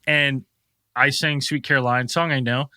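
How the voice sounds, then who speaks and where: A man's voice: medium pitch, fairly even intonation, moderate pace, bright, forceful tone, no room sound, studio quality. A man co-hosting a podcast, telling a rambling, profane anecdote with frequent laughs in casual chat. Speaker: podcast co-host.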